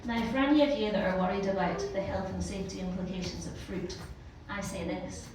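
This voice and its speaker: A woman with a Glaswegian accent delivering a scripted comic monologue with deliberate punchlines, heard from a distant mic in an echoey live venue. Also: medium pitch, darkish tone, slight background noise. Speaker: comedy performer.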